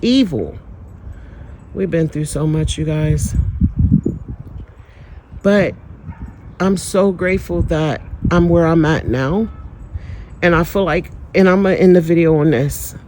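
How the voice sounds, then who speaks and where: In a personal vlog, a woman speaks directly to her viewers with candid, emotional storytelling, shifting toward an uplifting, preacherly tone by the end. Her voice is low and slow, with frequent pauses and some background noise.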